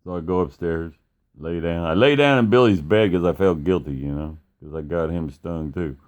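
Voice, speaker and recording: A man's voice: low-pitched, normal speed, darkish tone, highs cut off. A man telling a story casually, rambling and swearing, with plenty of fillers. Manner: rambling and profane, with many fillers and acted-out quotes.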